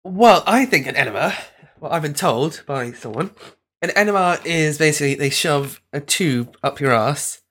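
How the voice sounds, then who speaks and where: A man's voice: medium pitch, fairly bright tone. A man, chatting casually as co-host, wry and teasing. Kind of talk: casual chat.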